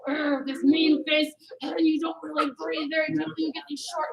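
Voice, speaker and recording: A woman's voice: sits high, little pitch movement, a little fast. A woman instructor teaching a children's karate class in a commanding way, calling for the class to answer back. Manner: commanding, calls for "yes, ma'am" replies. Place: martial arts studio. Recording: noisy studio background.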